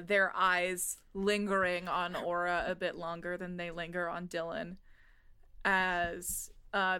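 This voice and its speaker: Woman, game master, tabletop narration, relaxed, bright voice, smooth. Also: fairly low pitch. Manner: relaxed, descriptive narration with small restarts.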